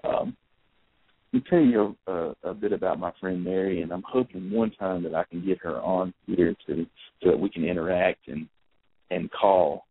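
A man's voice: sits low, normal speed, slightly rough. A man in his thirties hosting a podcast, telling a rambling story on his phone. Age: 30s. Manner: rambling, with fillers and self-corrections. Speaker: podcast host. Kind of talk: casual storytelling monologue. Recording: tinny phone-like, dry.

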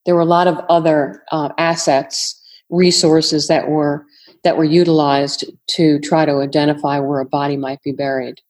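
Retired agent, woman, New York accent, lower pitch, measured and thoughtful. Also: flat delivery, darkish tone. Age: older. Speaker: retired FBI agent, guest. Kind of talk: interview answers.

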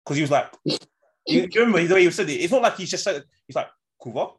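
Fast-talking young man. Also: on the high side, animated. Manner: rambling, repeats "bro" and "innit". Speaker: podcast co-host. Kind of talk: casual storytelling chat.

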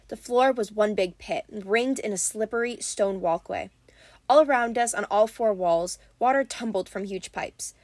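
A woman's voice: mid-range voice, no echo. Woman steadily reading an audiobook. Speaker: audiobook narrator. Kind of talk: scripted audiobook narration.

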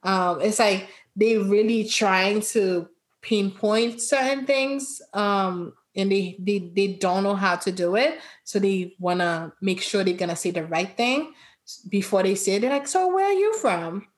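A woman's voice: mid-range voice, a little slow. A woman from Brooklyn in a casual chat, telling her view with animation and laughing as she talks. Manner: animated, laughs while talking.

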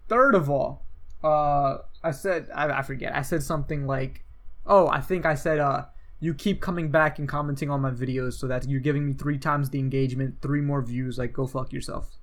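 A young man on a podcast telling a story in casual chat, animated and swearing freely as he acts out what others said. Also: mid-range voice, moderate pace. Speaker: podcast co-host.

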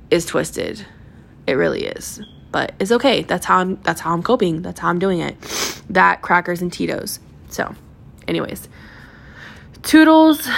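Creaky-voiced woman rambling on her podcast. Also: lowish voice, fairly bright tone. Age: adult, previously married. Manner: rambling, crude self-mocking humor, quick backtracking. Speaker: podcast host. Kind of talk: casual solo podcast monologue.

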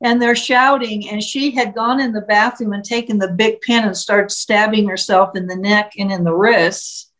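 A woman's voice: medium pitch, steady tone, normal speed, hardly any pauses, a bit bright, rough recording. A woman casually telling a story, retelling events vividly and briefly slipping into the voices of the people she quotes. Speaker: storyteller recounting a case.

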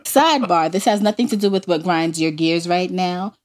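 A woman's voice: on the low side, moderate pace, a little mellow. A woman from Harlem with a thick New York accent, co-hosting a podcast and ranting emphatically in casual chat. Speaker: podcast co-host.

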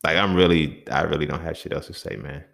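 A man with a very low, gravelly voice and plenty of vocal fry. He hosts his own podcast and rants in a heated, profane, exasperated way. He sounds like a young adult talking off the cuff. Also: steady tone, quick pace, fairly bright tone. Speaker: podcast host. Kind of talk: casual solo podcast monologue.

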